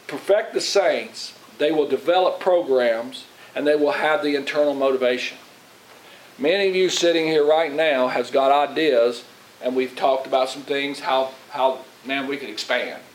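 A man's voice: mid-range voice, unhurried, low-quality recording. A middle-aged man, a pastor preaching in a folksy, rambling way and asking his congregation questions. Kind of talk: sermon. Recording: faint hiss.

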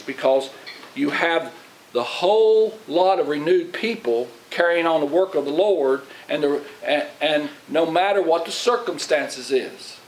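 Middle-aged man as pastor, folksy rambling sermon, slightly high voice, light tape hiss. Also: rough recording. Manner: folksy, rambling, asks the congregation questions. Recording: faint hiss.

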